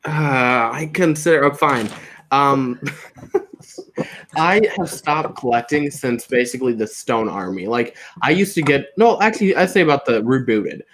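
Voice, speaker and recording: A young man chatting casually while building Lego, rambling and laughing easily, his words a little soft and slurred. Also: medium pitch, lively intonation, unhurried, a little hiss or hum. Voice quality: soft, slightly slurred when quiet. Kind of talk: casual chat.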